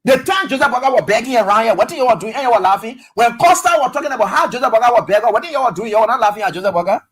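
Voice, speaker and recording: Talking very fast in a medium-pitched, slightly rough voice, a Liberian English-accented radio host rolls through an animated political monologue full of acted-out dialogue and rhetorical questions.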